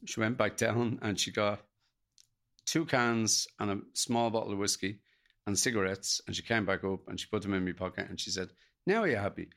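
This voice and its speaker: A middle-aged Irish man tells an emotional story from his own life, pausing and restarting as he quotes what others said. His voice sits on the low side with a gravelly fry. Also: level tone, fairly bright tone. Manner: gravelly, halting, retells dialogue in quotes. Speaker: guest.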